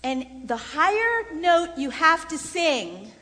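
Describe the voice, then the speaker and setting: Chatty high-pitched woman teaching a singing class, laughs a lot, long echo in a big room. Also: takes it slowly. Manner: lively, chatty, laughs between points. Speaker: vocal coach. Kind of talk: voice workshop lesson. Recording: long reverb in a large room.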